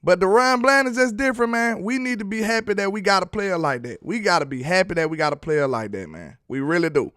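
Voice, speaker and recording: A man's voice: high-pitched, lively intonation, fast talker, hardly any pauses, fairly bright tone, dry recording, clean studio sound. A man casually breaking down football film on a live stream, chatty and laughing as he teases his viewers. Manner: chatty, laughing, teasing the chat. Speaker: sports film-study streamer.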